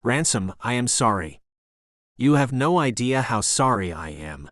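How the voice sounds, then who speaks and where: A tearful young woman student begs and apologizes, as a male audiobook narrator reads her lines. The delivery rises and falls with lively pitch. The recording is close and dry, with no room sound. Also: measured pace, dry recording. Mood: pleading. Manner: pleading, softly apologetic. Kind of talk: audiobook character reading.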